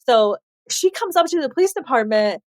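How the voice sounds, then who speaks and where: Woman in her 40s from chicago, kinda high voice, lively storyteller, dry close mic. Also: moderate pace, no room sound. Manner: animated, acts out quotes, laughs often. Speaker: podcast guest, author. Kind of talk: candid storytelling interview.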